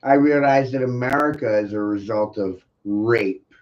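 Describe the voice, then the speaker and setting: A man's voice: medium pitch, unhurried, highs cut off. A man ranting in an intense, profane monologue full of rhetorical questions.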